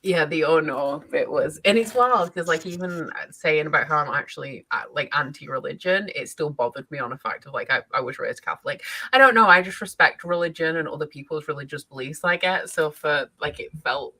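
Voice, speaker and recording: A woman's voice: sits low, brisk, few pauses, bright, forceful tone, husky, poor audio. A woman co-hosting a casual book club chat, blunt and sweary, laughing often.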